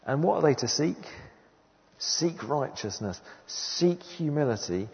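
An earnest man preaches a sermon, leaning on repeated phrases with a lively, swooping delivery. His voice carries a long reverb from a large hall. The recording itself sounds slightly muffled. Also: a little high, measured pace, creaky.

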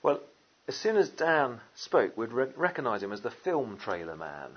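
A man preaching a sermon, lively and conversational, with jokey asides and many fillers. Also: medium pitch, moderate pace, husky, dull audio. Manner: animated, jokey asides, frequent "uh" and "you know".

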